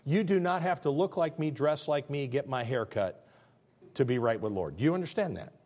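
A man's voice: medium pitch, moderate pace. A middle-aged man preaching a sermon, asking the congregation for responses. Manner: animated, call-and-response preaching. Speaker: pastor.

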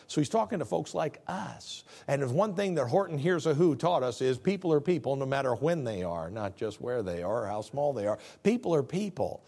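A middle-aged man preaching a sermon, animated, full of jokes and rhetorical questions. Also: mid-range voice, vocal fry, breathy edge. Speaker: pastor.

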